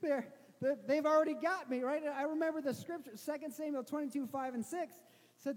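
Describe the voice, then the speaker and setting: Middle-aged male pastor, very high voice, comic sermon storytelling, long hall reverb. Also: a little fast. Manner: animated, self-mocking storyteller with restarts.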